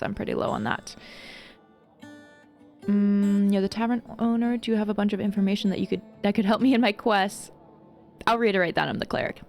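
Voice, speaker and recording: A woman's voice: mid-range voice, fairly quick, a little mellow, soft background music. A woman streamer playing a game, talking in a playful, casual way. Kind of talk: let's play narration.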